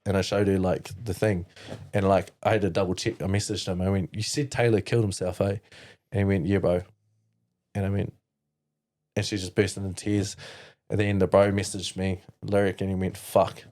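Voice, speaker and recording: Deep mellow New Zealand young man. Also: little pitch movement. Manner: halting, frequent "like" and restarts, quoting others. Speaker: podcast guest. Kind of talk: candid storytelling interview.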